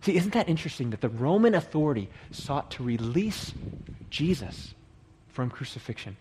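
A man's voice: mid-range voice, sing-song, moderate pace, darkish tone, a little hiss or hum. A man leading a Bible study, walking through a passage and explaining it, restating and repeating points for emphasis. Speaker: Bible teacher.

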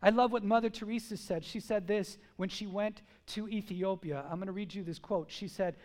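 Very high-voiced man preaching a sermon. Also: fairly even intonation, moderate pace, darkish tone. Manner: emphatic, asks the crowd questions, acts out quotes.

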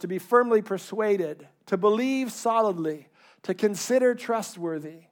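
A high-pitched male pastor preaching with fervor. His voice climbs into loud, emphatic bursts and then drops back to a quieter, earnest tone. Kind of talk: sermon.

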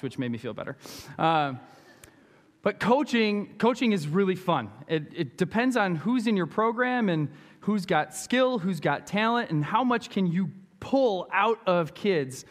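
A man's voice: on the high side, big-room sound. A man preaching a sermon in an earnest, conversational way, asking his listeners direct questions. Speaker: pastor and youth basketball coach.

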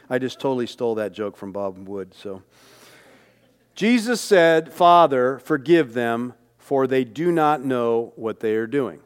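A male preacher delivers a sermon in church, middle-pitched and easygoing. He slips in little jokes and poses rhetorical questions to the congregation, then answers them himself. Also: darkish tone. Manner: conversational, joking asides and rhetorical questions.

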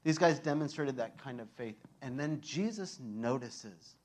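A man's voice: mid-range voice, expressive, unhurried, darkish tone. A man preaching a sermon in a casual, conversational way, full of fillers, acting out scenes and laughing often. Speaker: pastor.

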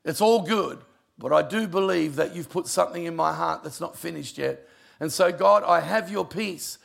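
An older man, a pastor telling personal stories in a sermon, emotional and conversational, with a gravelly voice. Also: fairly high pitch, normal speed, a bit bright. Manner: emotional, conversational storytelling with asides. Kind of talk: sermon storytelling.

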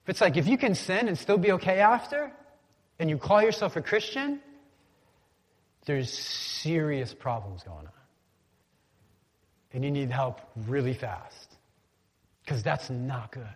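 A man's voice: a little high, expressive, a little slow, long pauses, breathy edge, big-room sound. A man preaching a casual, conversational sermon, often asking the congregation to repeat words after him. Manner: casual, conversational preaching with call-and-response prompts. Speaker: pastor.

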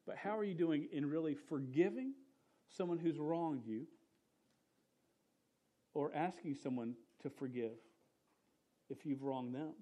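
A young adult man, a pastor, gives a casual sermon in a voice on the high side. He talks loosely, saying "dude" and "man" a lot, and trails off quietly at the end of each point.

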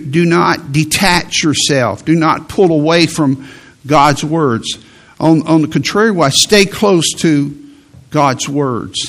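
A male preacher, delivering a sermon in a slow, emphatic way and quoting scripture. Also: a little high.

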